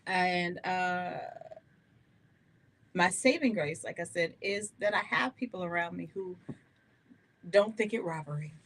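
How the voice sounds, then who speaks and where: A woman hosting a live gospel radio show, talking to listeners in an animated, candid way and laughing often. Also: on the low side, a little slow, long pauses, a little hiss or hum. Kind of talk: live-streamed radio talk, testimony.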